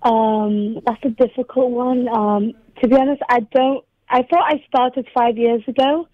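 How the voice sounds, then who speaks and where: A woman's voice: a little high, fairly even intonation, measured pace, no room sound. A young woman from Liverpool with a Scouse accent, talking hesitantly with many ums as a guest on a radio interview. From Liverpool, England. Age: young adult. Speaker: poet and spoken word performer. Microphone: phone call. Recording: tinny dry phone line.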